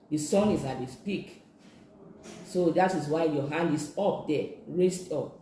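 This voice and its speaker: A sign language instructor, teaching slowly and patiently in a live-streamed lesson, repeating each phrase many times. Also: medium pitch, expressive, dark tone, a little hiss or hum. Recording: echoey room.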